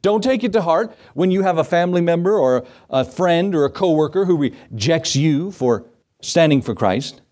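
A man preaching from the pulpit with a slightly high voice. He acts out the lines he quotes and throws asides to his congregation. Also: expressive, normal speed, darkish tone. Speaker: pastor. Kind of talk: sermon.

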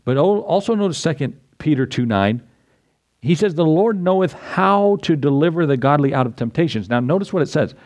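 A man's voice: fairly high pitch, lively intonation, darkish tone. Conversational middle-aged male pastor preaching. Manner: conversational preaching, asks the congregation "right?", quick asides and chuckles. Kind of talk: sermon.

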